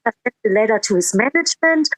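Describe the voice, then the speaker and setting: A woman's voice: fairly high pitch, expressive, quick pace, dry recording, low-quality recording. A woman musician in a casual interview, telling a heartfelt story with quoted dialogue and frequent restarts.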